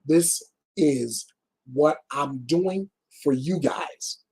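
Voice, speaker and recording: A male news host with a husky, somewhat high voice who talks bluntly and emphatically. He reads crime reports and comments without softening anything. His delivery is deliberate.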